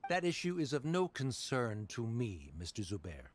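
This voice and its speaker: Casting: an actor as a haughty bureaucrat issuing orders, mid-pitched, lively inflection. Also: male voice, normal speed, slight background noise, close to an everyday voice. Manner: cold, officious, condescending. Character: stern condescending male academy official. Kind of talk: game voice acting.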